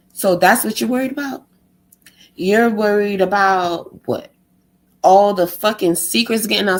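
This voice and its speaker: A woman in the middle of a heated, profanity-laden rant, exasperated and biting. She pelts out rhetorical questions and mocks the people she is complaining about. Her pitch sits in an ordinary middle range. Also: poor audio. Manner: exasperated, sarcastic, heavy swearing; fires rhetorical questions, mocks others in a put-on tone. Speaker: vlogger.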